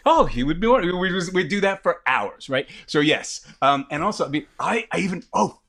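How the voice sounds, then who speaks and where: A man telling lively anecdotes as a guest, jumping into other people's voices as he goes. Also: high voice, a little fast, hardly any pauses. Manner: animated storyteller, jumps into voices of others.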